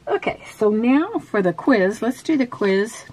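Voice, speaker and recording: Woman craft vlogger, chatty and halting, reading out a quiz. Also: a little high, sing-song, a little mellow. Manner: chatty, with frequent fillers and restarts; reads quiz questions aloud. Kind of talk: casual show-and-tell and quiz.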